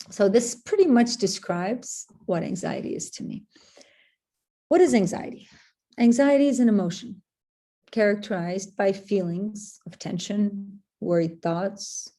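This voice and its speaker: A woman's voice: medium pitch, dark tone. A woman therapist giving an earnest webinar talk to parents, repeating points and saying "you know" and "um" often.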